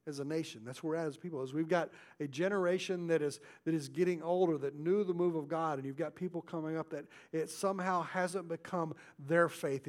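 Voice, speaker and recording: A man preaching a sermon as pastor, his delivery swinging between loud stresses and hushed, intimate asides. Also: a little high.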